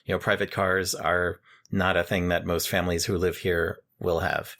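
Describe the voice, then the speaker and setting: Low-voiced man chatting about a film. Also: normal speed. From New York City. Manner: animated retelling with acted-out quotes. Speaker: podcast co-host. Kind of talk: casual film review chat. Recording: home podcast recording in Queens.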